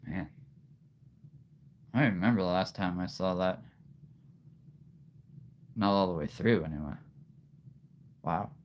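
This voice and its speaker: A male streamer chats casually on his live stream, rambling from one thought to the next. He talks at an unhurried pace with a lively, swinging pitch, and laughs often.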